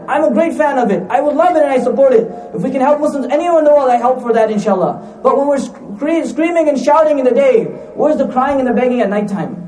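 Fast-talking high-voiced man preaching a sermon. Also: mellow, reverberant, far from the mic, poor audio. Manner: repeats lines for emphasis, asks rhetorical questions; mixes in recited Arabic phrases.

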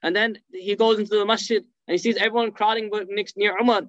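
A man delivers an emotional sermon in a high, quick voice, racing through the story and acting out each quote. His speech is dotted with Arabic phrases. The recording is dry and slightly muffled. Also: steady tone, fairly bright tone, no echo. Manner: rapid, fervent retelling with acted quotes and Arabic phrases. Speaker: preacher. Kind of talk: emotional religious storytelling lecture.

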